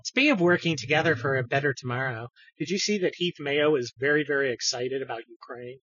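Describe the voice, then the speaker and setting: A man's voice: mid-range voice, quick pace, pushed and bright, breathy edge, no room sound, muffled recording. A man hosting a podcast in a casual, profane, mocking rant that jumps from topic to topic. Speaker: podcast host. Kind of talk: casual ranting chat.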